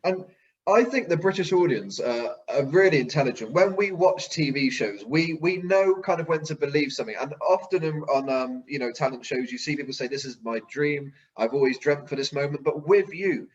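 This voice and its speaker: A man's voice: on the high side, a little fast. A man hosting an interview, asking earnest and complimentary questions. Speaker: show host, interviewer. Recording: dull lo-fi sound.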